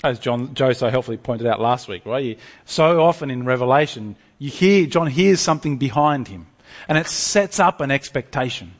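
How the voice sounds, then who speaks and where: A man preaching a sermon to a congregation, lively and animated, often stumbling over restarts. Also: mid-range voice, moderate pace, long reverb tail.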